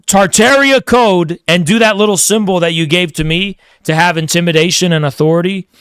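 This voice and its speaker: A man's voice: fairly high pitch, fairly bright tone, smooth, no echo, studio quality. A man hosting a livestream, ranting casually with heavy swearing and mock-grandiose taunts. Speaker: livestream host. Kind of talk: casual streaming rant.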